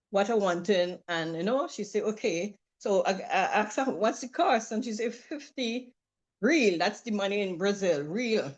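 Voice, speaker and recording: A woman telling a travel story in casual talk, acting out the people she quotes. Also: a little high. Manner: lively, acts out quoted voices, laughs often. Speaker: trip participant sharing a story.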